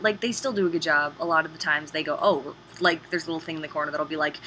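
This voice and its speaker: A woman talking through a video game review in a loose, animated way, chatty and quick to swear. Her voice is bright and forward, and a faint hiss sits underneath. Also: low-pitched, poor audio. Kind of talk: casual spoken game review.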